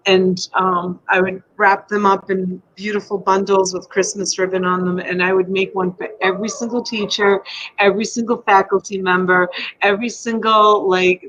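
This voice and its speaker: A woman's voice: mid-range voice, fairly bright tone, highs cut off. A middle-aged woman hosting a casual live stream from home, chatty and rambling. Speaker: live-stream host selling items. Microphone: USB desk mic.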